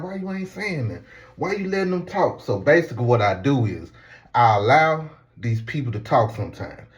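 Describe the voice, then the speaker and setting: Young male streamer, mid-pitched, casual, bossy moderator. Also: lo-fi sound. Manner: relaxed and rambling alone, loud and commanding when moderating. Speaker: live-stream host. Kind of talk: casual live-stream talk.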